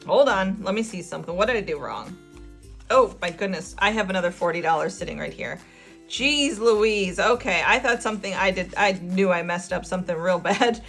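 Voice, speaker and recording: A woman's voice: mid-range voice, animated, moderate pace, fairly bright tone, faint music behind. A middle-aged woman hosting a budgeting channel, chatting casually and laughing as she counts money aloud. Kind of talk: casual chat while cash stuffing.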